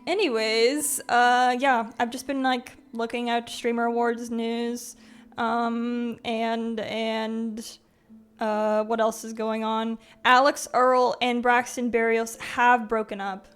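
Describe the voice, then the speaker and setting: A woman's voice: on the high side, little pitch movement, slow pace, a bit bright, clear, resonant tone. Chatty young woman streamer, full of fillers. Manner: chatty, filler-heavy, giggly, greets chat by name. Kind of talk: casual live-stream chat.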